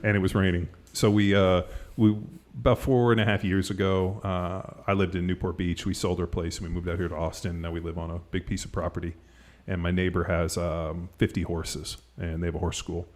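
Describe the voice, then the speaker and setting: A man's voice: low-pitched, little pitch movement, fairly quick. A middle-aged man hosting a podcast in casual chat, rambling with lots of "like" and the odd swear word. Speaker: podcast host.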